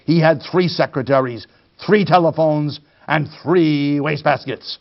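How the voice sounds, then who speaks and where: A man's voice: on the high side, a little slow, gravelly, muffled recording. A man reading a children's storybook aloud expressively, addressing young listeners. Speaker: storytime reader.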